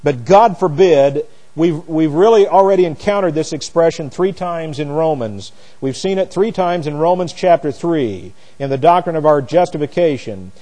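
A man teaching a sermon verse by verse, booming on key phrases and dropping low for asides and stories. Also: expressive, normal speed, hardly any pauses. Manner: swings from loud emphatic preaching to quiet asides; explains Greek words, tells anecdotes. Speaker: preacher. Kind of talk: expository Bible teaching. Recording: long hall reverb.

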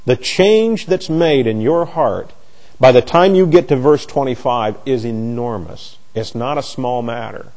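Halting, mellow-voiced male Bible teacher. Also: medium pitch. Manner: halting, repeats words while searching for phrasing.

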